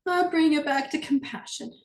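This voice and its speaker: A woman's voice: sits high, echoey room. A woman energy healer guiding a healing session in a soothing way, with long sighing "oh"s as she voices what she feels. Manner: soothing, drawn-out sighing "oh"s, speaks feelings aloud.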